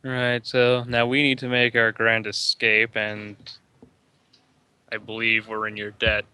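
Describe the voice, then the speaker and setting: A man's voice: on the low side, completely flat delivery, unhurried, bright, forceful tone, slight background noise. A man playing his character in a tabletop game, blunt and grumbling, swearing freely. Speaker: player. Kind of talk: in-character tabletop role-play over voice chat. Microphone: computer mic on a voice call.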